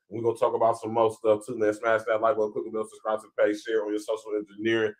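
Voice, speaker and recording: A man's voice: on the low side, steady tone, fast, few pauses. A man hosting a podcast, signing off in laid-back casual chat with loose, repetitive phrasing. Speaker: podcast host.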